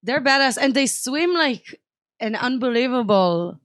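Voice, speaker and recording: A woman's voice: fairly high pitch, expressive, unhurried, a bit bright, no room sound, clean studio sound. A woman, a podcast guest, chatting frankly with constant "like" fillers and some swearing. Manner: chatty, sprinkles "like", frank and profane. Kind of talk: casual chat.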